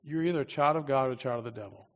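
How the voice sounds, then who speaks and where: A man preaching a sermon with emphasis, swinging from loud declarations to quiet asides. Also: mid-range voice, rapid-fire. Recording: dull, long-reverb hall sound.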